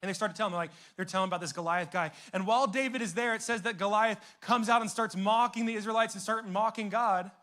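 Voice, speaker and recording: A man preaching a youth sermon in a casual, animated, conversational way, full of slang and asides. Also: sits high, fast talker, hardly any pauses. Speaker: youth pastor.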